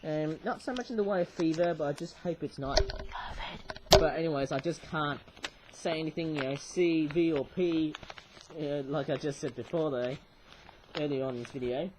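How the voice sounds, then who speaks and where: Man, british accent, raised pitch, cold and sore throat, rambling toy-review chat, faint noise behind. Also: darkish tone, low-quality recording. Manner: rambling, chatty, many fillers and tag "eh?". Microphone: webcam.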